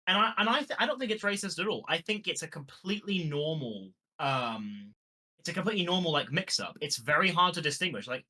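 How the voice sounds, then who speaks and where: A man's voice: a little high, big pitch swings, brisk, sharp tone. A man with an English accent on a casual podcast, talking animatedly and often restarting his sentences. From England. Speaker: podcast co-host. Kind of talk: casual chat.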